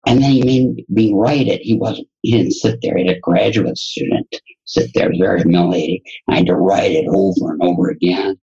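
This guest, who works in education and business, spins a lively personal anecdote, performing each quoted line. His low, gravelly, husky voice runs a little fast over a lo-fi recording.

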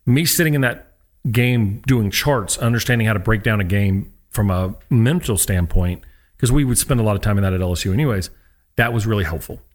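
A man's voice: fairly low pitch, fairly quick. A man, telling stories in a casual interview and acting out the people he quotes. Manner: animated storyteller who acts out quotes. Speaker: guest, former college pitcher. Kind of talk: casual storytelling.

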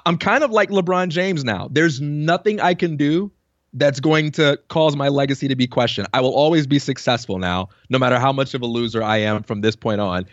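Career stories pour out of this New York podcast guest during a casual interview, and he acts out the voices of the people he quotes with animation. His pitch is medium. The recording has no room sound and its highs are cut off.

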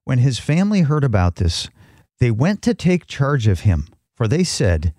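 A man's voice: mid-range voice, sing-song, moderate pace, warm tone, no room sound, studio quality. A man co-hosting a Christian talk show, teaching from the Bible in an earnest, reflective way with frequent restarts. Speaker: christian podcast co-host.

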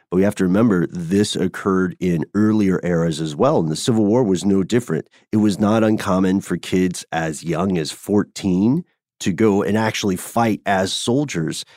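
Low-voiced man telling a story. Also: darkish tone, dry recording, studio quality. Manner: conversational storytelling, playful. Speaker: podcast co-host. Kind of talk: casual chat.

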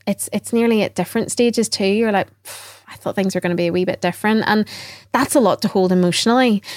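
A middle-aged woman, a trainer and former teacher, speaks earnestly and reflectively as a guest in a conversational podcast interview, often quoting what people told her. Her mid-range voice is captured in clean, dry studio sound.

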